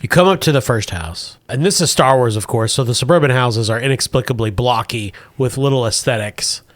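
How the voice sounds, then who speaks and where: A man's voice: medium pitch, fairly quick, dry recording. Wry man running a tabletop game. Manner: wry, deadpan scene-setting. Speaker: game master.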